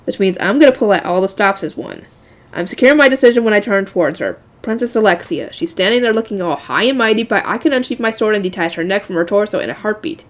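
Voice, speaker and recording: A woman's voice: mid-range voice, expressive, fast talker. A woman reading a light novel aloud, often laughing and breaking off to chat with her viewers.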